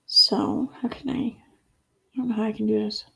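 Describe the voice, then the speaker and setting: A woman's voice: fairly high pitch, little pitch movement, a little slow, gravelly, bright, forceful tone, husky. A woman hosting a casual livestream, rambling and reading chat comments aloud, with the odd curse word. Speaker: livestream host.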